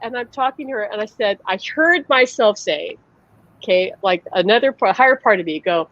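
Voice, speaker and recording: Her voice is fairly high, expressive and bright, and she talks briskly. A psychic medium hosting a live online chat over video call, she tells personal stories casually, acts out quoted voices and leans heavily on "like." The recording has no room sound, and its highs are cut off.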